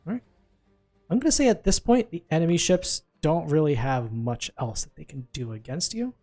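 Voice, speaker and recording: A man's voice: fairly high pitch, sing-song, mellow, faint music behind. A man acting as game master, calling for dice rolls and narrating what happens. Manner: brisk, calls for dice rolls and narrates results.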